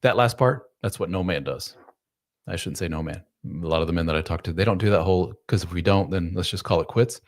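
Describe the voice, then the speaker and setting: A man's voice: low-pitched, fairly quick. A man hosting a live advice stream, answering chat questions about marriage in a blunt, casual way with some swearing. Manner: blunt, casual, and profane, full of fillers; acts out spouses' lines in voices. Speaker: relationship coach and author, host.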